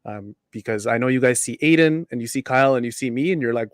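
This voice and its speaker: A man's voice: medium pitch, fast talker, hardly any pauses, dry recording. Chatty male sports show host, dry sound. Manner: chatty, reads viewer comments, laughs often. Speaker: podcast host. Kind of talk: casual sports talk show.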